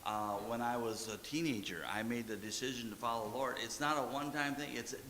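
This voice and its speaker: A man's voice: mid-range voice, steady tone, quick pace, sharp tone, long reverb tail. Man, pastor, folksy sermon, repeats short commands, faint hiss. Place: church sanctuary.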